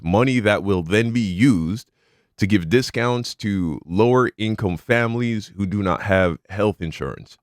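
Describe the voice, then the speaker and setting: Deep-voiced male reaction host, dry sound. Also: no echo. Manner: sardonic, then earnest and pleading. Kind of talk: casual commentary.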